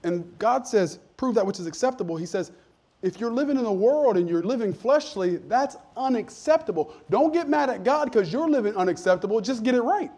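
A man preaching a sermon as a pastor, talking in a conversational way that sinks to soft asides and climbs to emphatic points. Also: high-pitched, expressive, fairly quick.

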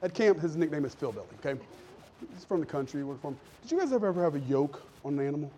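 A man preaching a lively, conversational sermon in a church, calling out to the congregation. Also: on the high side, rapid-fire, lo-fi sound, slight background noise. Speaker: pastor.

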